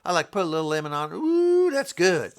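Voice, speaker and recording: A man's voice: big pitch swings, a little fast. A man mocking a whiny, timid churchgoer. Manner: mocking, high-pitched whine.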